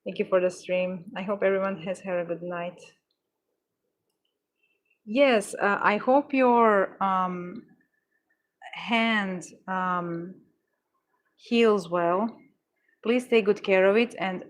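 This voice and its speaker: A woman running a casual art livestream, chatting with viewers in a rambling, playful way with deadpan jokes. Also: medium pitch. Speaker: livestream artist. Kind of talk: casual livestream chat reading comments.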